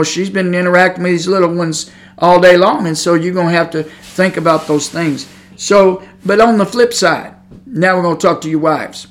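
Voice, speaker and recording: A man's voice: sits high, a bit bright. A middle-aged man preaching a sermon, earnest and folksy, who restarts phrases and repeats words as he tells stories. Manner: earnest preaching with homespun storytelling. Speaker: pastor.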